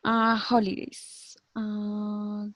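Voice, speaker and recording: A woman student, speaking softly and unhurriedly in English. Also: medium pitch, monotone, very slow, dry recording, muffled recording.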